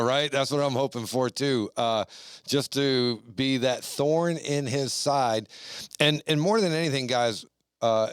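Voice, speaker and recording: Smooth-voiced male podcast host. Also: mid-range voice, dry recording. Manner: chatty, rambling with many fillers. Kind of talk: casual podcast conversation.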